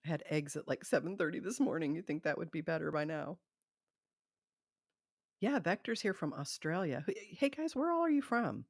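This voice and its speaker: A woman's voice: fairly low pitch, dry recording, clean studio sound. A middle-aged woman hosting a live stream, chatting casually and rambling, laughing often. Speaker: livestream host.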